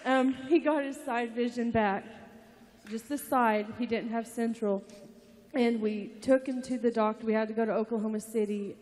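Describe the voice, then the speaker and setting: A woman's voice: on the high side, steady tone, moderate pace, darkish tone. A mother giving an emotional testimony in church, tearful and breathless, laughing through tears. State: crying. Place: large church hall. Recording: long reverb of a big hall.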